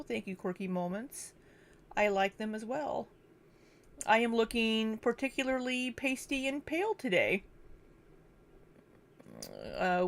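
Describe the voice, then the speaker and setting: A woman's voice: fairly high pitch, vocal fry. A young woman hosting a casual livestream from her kitchen, chatting and greeting viewers by name. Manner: chatty, distracted, reads viewer names aloud. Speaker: livestream host. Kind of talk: casual livestream chat reading super chats. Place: home, kitchen.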